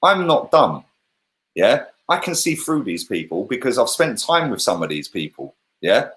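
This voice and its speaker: A man's voice: medium pitch, sing-song, normal speed, fairly bright tone. A man, a football fan pundit, ranting bluntly and combatively in heated, sweary chat. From England.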